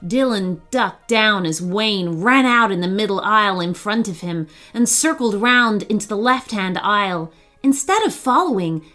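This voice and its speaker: A woman's voice: medium pitch, fairly bright tone. A woman reading a children's story aloud, telling it expressively.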